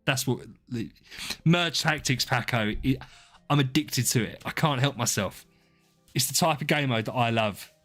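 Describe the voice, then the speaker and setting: At a moderate pace, a man with a mid-range, fairly bright voice chats casually on his live stream. He wanders from topic to topic, makes fun of himself, and calls out chatters by name, with faint music in the background.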